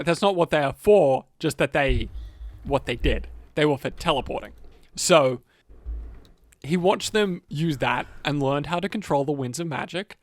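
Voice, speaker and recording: A man with a somewhat high voice co-hosts a casual lore podcast. He rambles, swears freely and jokes as he goes. The sound is close and dry. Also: dry recording. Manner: rambling, profane, jokey. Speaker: podcast co-host narrating lore.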